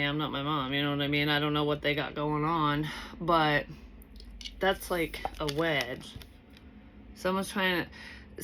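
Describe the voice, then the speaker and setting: A woman's voice: deep voice, fairly bright tone, a little hiss or hum. A young woman working as a psychic medium, giving a casual, rambling reading and thinking aloud with frequent restarts and blunt swearing. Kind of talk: casual spoken tarot reading.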